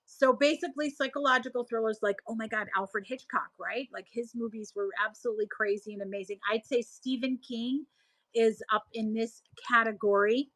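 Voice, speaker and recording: This livestream seller host is a middle-aged woman from Buffalo, New York, going through viewer comments out loud and responding to each. She speaks a little fast in a slightly high, somewhat bright voice with fairly even intonation, often wandering off mid-sentence and starting over. The audio is dry and poor.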